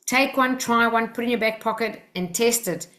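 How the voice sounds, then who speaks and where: A woman's voice: a little high, moderate pace, a bit bright. An Australian woman teaching a workshop group, talking in an earnest, personal, coaching way.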